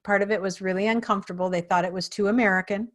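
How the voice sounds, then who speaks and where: A woman hosting a podcast interview, telling a lively story and acting out the people in it. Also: medium pitch, racing. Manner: animated storyteller, acts out quoted people. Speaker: podcast host.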